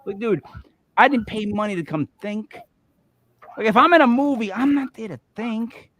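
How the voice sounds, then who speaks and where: A man hosting a podcast, chatting casually in an animated, joking, rambling way. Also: high voice, fairly quick. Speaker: podcast host. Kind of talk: casual chat.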